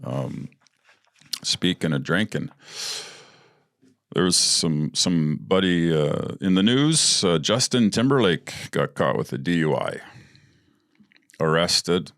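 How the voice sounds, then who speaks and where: Brief: man, very low voice, podcast host, casual profane storyteller, dry close sound. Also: animated, slow, long pauses, fairly bright tone, no echo. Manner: blunt and profane, laughing through his stories.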